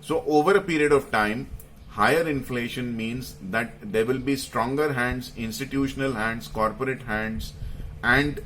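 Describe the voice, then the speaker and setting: A man's voice: medium pitch, a little slow, a bit bright, a little hiss or hum. A man explaining investing to viewers, hesitating often with fillers and stressing key phrases. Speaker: market commentator.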